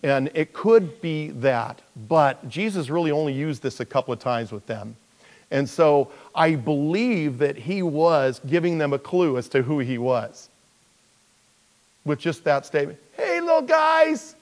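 A male pastor delivering a sermon in a relaxed, talky way, often restarting phrases. He now and then jumps into playful high voices to act out characters. His voice rings out with a long hall reverb. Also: measured pace. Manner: conversational, with frequent restarts and jokey high-pitched character voices.

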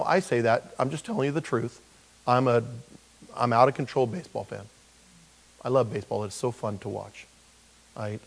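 A man's voice: medium pitch, poor audio. A middle-aged male pastor preaching a conversational sermon, full of rhetorical questions and humor.

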